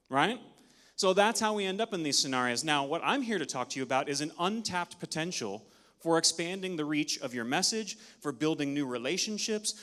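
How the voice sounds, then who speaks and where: A man with a voice on the high side gives an energetic, interactive conference talk in a large hall, leading the audience through counts. He sounds a little out of breath, and the recording carries long hall reverb.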